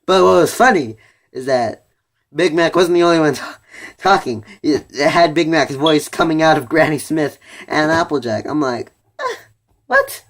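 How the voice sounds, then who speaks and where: A teenage boy reviews a cartoon episode in a casual video, speaking at normal speed in a slightly high voice. He rambles with plenty of "you know"s and "like"s, restarting sentences as he thinks out loud.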